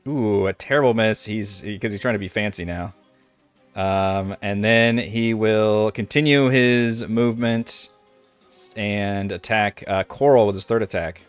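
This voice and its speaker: A man running a tabletop game as dungeon master, narrating in a relaxed, chatty way and laughing easily. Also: fairly low pitch, measured pace, clean tone, soft background music.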